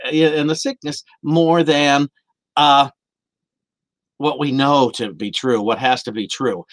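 A man preaches to a camera, earnest and animated, his voice sitting a little high for a man and swinging widely in pitch. The sound is dry and close, with little room in it. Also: dry recording. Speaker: minister. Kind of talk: sermon. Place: indoor room of a church. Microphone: camera for a livestream.

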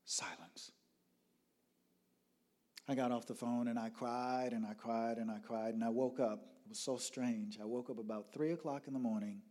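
A man telling a personal story dramatically, moving from loud outbursts to hushed whispers. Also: medium pitch, steady tone, a little fast, few pauses.

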